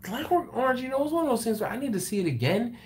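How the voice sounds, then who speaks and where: A man's voice: very high voice, rapid-fire. A man hosting a livestream, chatting casually with viewers and telling movie stories. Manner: laughing, animated storytelling. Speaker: BBQ channel host on a livestream. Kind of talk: casual chat reading viewer comments.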